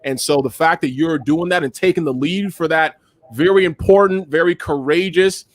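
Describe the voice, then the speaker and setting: A man hosting a live talk show, enthusiastic and animated, speaking with lots of fillers. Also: on the high side, moderate pace, no room sound. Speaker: host.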